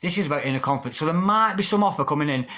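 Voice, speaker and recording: A man's voice: a little high, lively intonation, racing, sharp tone. A man giving a tarot reading in a video, repeating prayer-like invocations and exclaiming over the cards. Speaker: tarot reader.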